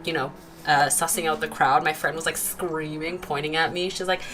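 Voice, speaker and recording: Young woman rambling on a drawing stream, kinda low voice, laughs a lot, says like constantly. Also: steady tone, moderate pace, a bit bright, slight background noise. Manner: chatty, giggly, lots of fillers, reads chat aloud. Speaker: art livestream host. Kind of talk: casual chat while drawing.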